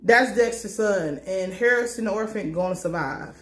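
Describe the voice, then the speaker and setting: A woman giving a casual, blunt and profane recap of a TV episode, telling it in an animated way. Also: mid-range voice, moderate pace, reverberant. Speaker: TV recap commentator.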